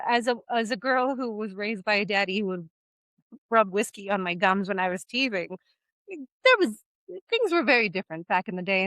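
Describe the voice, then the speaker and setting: A woman co-hosting a casual book-discussion podcast, animated, reading passages aloud and explaining terms for listeners. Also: medium pitch, dry recording. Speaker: podcast co-host.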